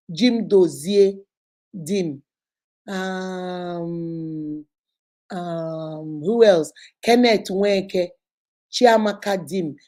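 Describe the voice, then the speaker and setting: A middle-aged woman hosting a casual live chat, talking to viewers directly and with lively expression. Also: medium pitch. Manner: animated, acts out quoted voices, warm direct address. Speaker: host of a live question-and-answer show.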